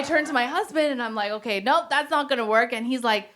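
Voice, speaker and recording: A woman with a high voice works a stand-up crowd on a stage mic. She talks animatedly, swings into exaggerated quoted voices, and laughs at her own jokes. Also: brisk, a bit bright. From Pakistan. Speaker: stand-up comedian. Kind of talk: stand-up set. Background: audience laughter.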